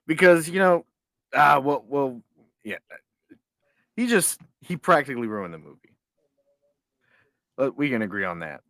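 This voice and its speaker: A man's voice: medium pitch, animated, a little slow, long pauses, fairly bright tone, dry recording. A man co-hosting a podcast at home, chatting playfully and coaxing his dog toward the mic. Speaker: podcast co-host. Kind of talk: casual chat. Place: home, on a couch.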